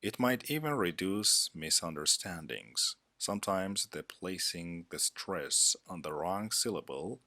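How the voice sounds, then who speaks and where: A man narrating a scripted English lesson as a teacher, with a measured, deliberate instructional delivery. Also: sits low, very animated, sharp tone, dry recording.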